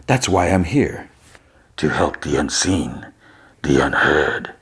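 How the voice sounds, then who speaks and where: A man voicing a smooth, sinister male tempter with slow, lowered menace while recapping a TV episode. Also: lively intonation, exaggerated voice.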